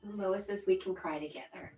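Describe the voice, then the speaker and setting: A woman's voice: medium pitch, moderate pace, darkish tone. A woman hosting a casual livestream, reading viewer comments aloud and laughing often between her remarks. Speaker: livestream host. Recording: roomy echo, distant from the mic.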